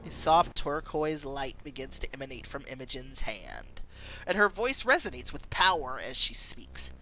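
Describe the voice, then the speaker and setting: A woman streamer reading a story game aloud and chatting between scenes, animated. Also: extremely low pitch, normal speed.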